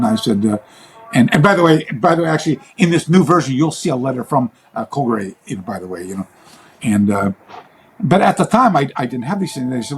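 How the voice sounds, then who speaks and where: A man speaking as an interview guest in a casual chat, rambling and halting, with many fillers and restarts. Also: medium pitch, animated, breathy edge, rough recording.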